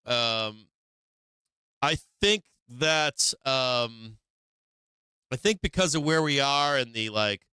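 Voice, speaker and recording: A man's voice: medium pitch, slow, pauses often, clean tone, dry recording. A man hosting a live stock trading show, swearing freely, laughing often and acting out what the market will do. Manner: profane, animated, laughs often, acts out the market. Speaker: livestream trading show host.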